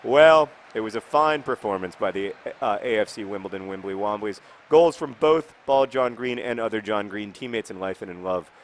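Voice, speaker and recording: A man's voice: on the low side, normal speed, few pauses, a little hiss or hum. Rambling, wry man commenting a game. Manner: rambling, wry, mock-outraged asides. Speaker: video game player and commentator. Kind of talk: casual let's-play commentary.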